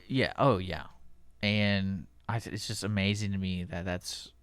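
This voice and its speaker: Radio co-host, man, low and smooth, dry skeptical remarks, dry room. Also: steady tone, a little slow, fairly bright tone, no echo. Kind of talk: casual radio chat.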